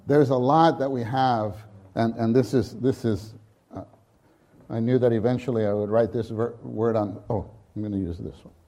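A man preaching a sermon at a conference, unhurried and halting, with many restarts and sudden fervent rises. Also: mid-range voice, steady tone, mellow.

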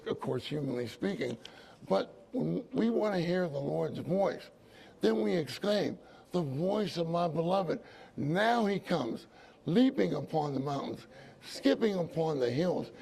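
Guy preaching, super gravelly raspy voice, kinda high, hammers words over and over. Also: mellow. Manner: emphatic, repeats phrases. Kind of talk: sermon.

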